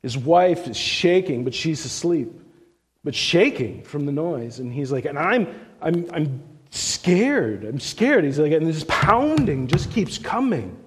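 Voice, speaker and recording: A middle-aged man preaching in a church sanctuary, his somewhat high voice trailing off into the long echo of a big hall. He talks loosely and chattily, restarting his sentences often. As a story builds, he grows animated and his voice climbs. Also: unhurried. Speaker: visiting speaker on church missions. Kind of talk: sermon storytelling. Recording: long reverb of a large hall.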